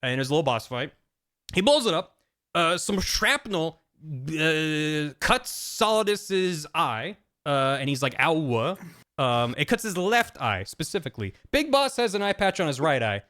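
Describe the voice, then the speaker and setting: A man's voice: on the high side, very animated, a bit bright. Rambling male streamer recapping a plot. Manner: acts out character lines in quick paraphrase; rambling with many fillers and restarts. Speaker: streamer host. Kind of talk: casual plot recap with friends.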